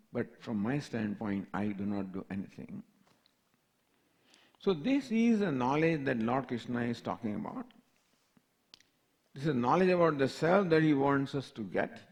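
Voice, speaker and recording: An older man, a spiritual teacher, giving a scripture class lecture, reciting verses and asking repeated questions. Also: mid-range voice. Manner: slow, repetitive questioning, reciting Sanskrit verses.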